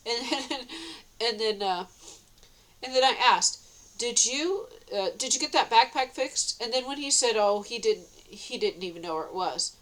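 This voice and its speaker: A woman's voice: expressive, normal speed, poor audio. A woman telling a meandering personal story in a casual vlog, laughing often between phrases and correcting herself as she goes. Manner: meandering, with many restarts and self-corrections; rises to a bright, sweet high voice when quoting herself.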